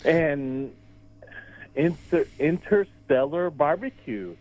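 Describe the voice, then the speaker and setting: A man's voice: fairly high pitch, animated, slow, darkish tone. A man from Texas, calling in to chat casually and rambling in a laid-back way. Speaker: caller. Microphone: phone call. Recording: tinny phone line.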